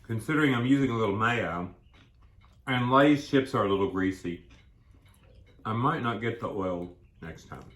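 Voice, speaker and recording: Chatty low-voiced man eating on camera. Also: moderate pace, long pauses, fairly bright tone. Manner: chatty, rambling, talks with food in his mouth. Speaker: co-host of a food vlog. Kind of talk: casual mukbang chat while eating. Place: indoors at a table, eating. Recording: echoey room.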